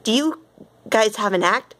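A woman voicing a gentle, earnest male frog who hosts a show, mild and polite in manner. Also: a little high, lively intonation, unhurried.

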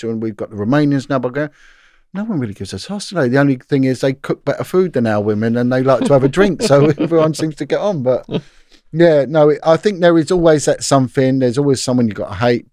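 A man's voice: medium pitch, darkish tone, no room sound, clean studio sound. A middle-aged British man, a former police detective telling a long anecdote in a casual interview, with lots of restarts. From Britain.

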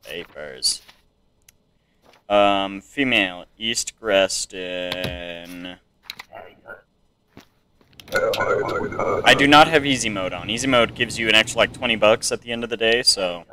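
A young man talks slowly through a game at his desk in a bright, somewhat low voice. He mumbles and hesitates with lots of ums, now and then yelping up high in a panic. A faint hiss of noise sits under the recording. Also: poor audio. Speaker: gameplay streamer. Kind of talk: casual let's-play commentary. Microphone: desk mic with webcam.

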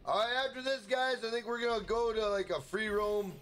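A man's voice: high-pitched, steady tone, a little fast, hardly any pauses, slight background noise. Hyped, profane young man streamer. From Minnesota. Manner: hyped, profane, shouts out chat members. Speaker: gaming live streamer. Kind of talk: casual live-stream chat.

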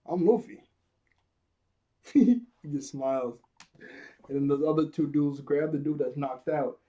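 A man's voice: mid-range voice, dark tone, highs cut off. A young man casually recapping an anime episode, laughing often and acting out scenes in character voices.

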